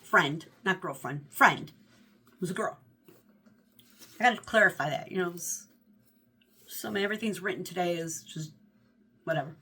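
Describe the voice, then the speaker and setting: A woman in her fifties chatting casually about her favorite books, rambling and animated, correcting herself as she goes. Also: lowish voice, normal speed, pauses often, breathy edge. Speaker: book vlogger. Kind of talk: casual book review chat.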